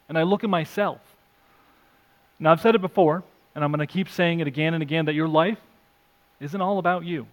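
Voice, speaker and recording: A male pastor preaching an earnest sermon, reading scripture aloud, rising for emphasis and dropping soft. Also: high voice. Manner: self-deprecating asides.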